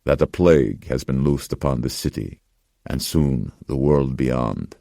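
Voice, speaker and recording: A man voicing a somber old pawnbroker who speaks in a slow, grave, measured way. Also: extremely low pitch, vocal fry, mellow, dry recording, studio quality, exaggerated voice. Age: older.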